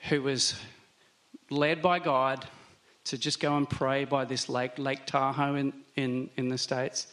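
A man giving a sermon, talking it through conversationally and slowing down to stress key words. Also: mid-range voice, fairly bright tone. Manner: conversational, reflective, with slow emphatic stresses. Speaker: pastor.

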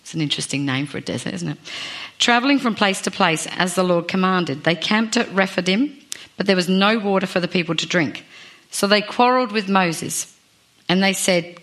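A woman's voice: mid-range voice, animated, moderate pace, fairly bright tone. A woman preaching a sermon in a chatty, self-deprecating way, asking the congregation questions. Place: church.

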